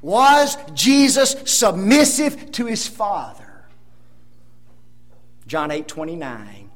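A man preaching a sermon in a high, bright-pitched voice that leaps up and down with animated emphasis. He keeps asking the congregation rhetorical questions, pushing some phrases out loudly and dropping others to near-whispers. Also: a little slow. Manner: swings between loud emphasis and hushed asides.

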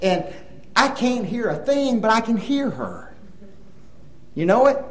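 An older male preacher teaching a Bible lesson in a high, very lively voice. He tells stories and acts out the people in them, then turns to the congregation with questions. The delivery moves between quiet explanation and loud, animated bursts. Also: measured pace, echoey room, rough recording. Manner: animated storytelling, acts out dialogue, asks the audience questions. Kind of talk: sermon.

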